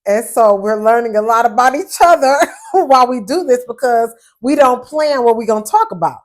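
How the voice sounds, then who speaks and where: A woman co-hosting a podcast in casual chat, animated and often repeating words as she starts a thought. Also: fairly high pitch, normal speed. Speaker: podcast co-host.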